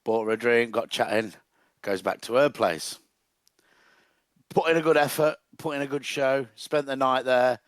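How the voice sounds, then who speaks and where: A man co-hosting a podcast, recounting an embarrassing story in clipped, deadpan fragments. His voice sits in a middle register and sounds dry and close, with no room around it. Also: mid-range voice, moderate pace, dry recording. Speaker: podcast co-host. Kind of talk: casual chat, embarrassing anecdote.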